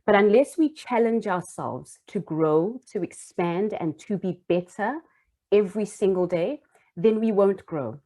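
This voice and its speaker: A woman's voice: mid-range voice, measured pace, warm tone. A young adult woman and former primary school teacher telling a personal story in an earnest, heartfelt way, with small restarts.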